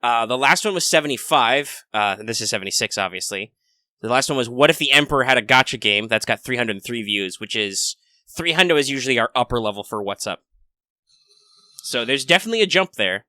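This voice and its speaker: Bright-voiced rambling podcast co-host man. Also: mid-range voice, expressive, brisk, dry recording, clean studio sound. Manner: rambling, jokey, talks at length. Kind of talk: casual chat.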